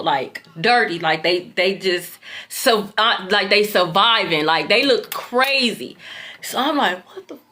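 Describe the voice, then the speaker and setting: A woman, telling viewers a long dream story in a loose, animated way, swearing freely and talking straight to them. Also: on the high side. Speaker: tarot reader recounting a dream.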